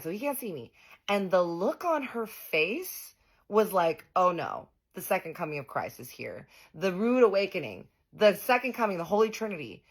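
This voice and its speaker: Low-voiced woman telling a sassy story. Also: a bit bright. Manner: dramatic, profane, sassy storytelling. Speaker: storytime vlogger. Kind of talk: casual storytelling to viewers.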